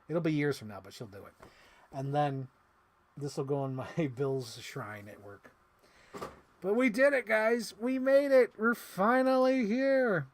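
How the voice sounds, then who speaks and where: A man chatting casually on a live stream while unboxing toys, rambling and excitable with lots of "like.". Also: mid-range voice, a little hiss or hum. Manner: rambling, excitable, heavy use of "like". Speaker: toy collector streamer.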